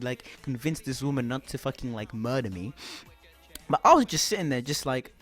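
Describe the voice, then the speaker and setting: A young man telling a rambling, animated story to camera, swearing often. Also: medium pitch, a little fast, soft background music. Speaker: vlogger.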